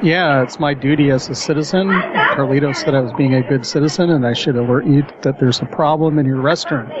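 A man's voice: mid-range voice, a little fast, background noise. A man making a prank phone call, blunt and mock-indignant. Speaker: prank caller.

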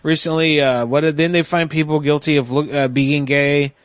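Man, radio host; rambling casual chat with lots of restarts, voice a bit high. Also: steady tone, normal speed, no room sound. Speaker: host of an internet radio show.

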